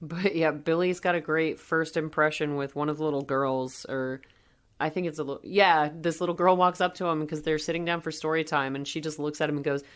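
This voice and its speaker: A woman in her thirties co-hosting a podcast, recapping a movie in casual, animated chat and laughing as she talks. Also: low-pitched, brisk, smooth. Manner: animated storytelling, laughs while talking. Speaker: podcast co-host.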